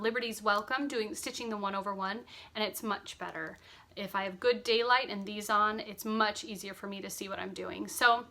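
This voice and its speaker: Sleepy and yawning but upbeat, a woman in her thirties talks casually at home about her cross stitch, filling her chatty speech with fillers. Her fairly high voice is bright and forceful, with a little hiss or hum.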